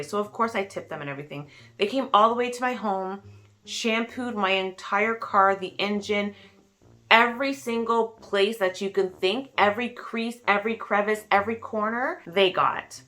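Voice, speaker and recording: A woman in her thirties telling a story to her followers, animated and acting out the quotes with big jumps in pitch. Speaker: vlogger. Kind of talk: casual storytelling.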